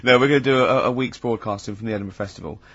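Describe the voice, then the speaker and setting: A male radio host, bright and forceful in tone, tells stories and teases his co-hosts in loose, giggly studio banter. The recording sounds slightly muffled, like an old radio broadcast. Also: fairly low pitch, rapid-fire, breathy edge, dry recording. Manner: giggly, mocking, storytelling.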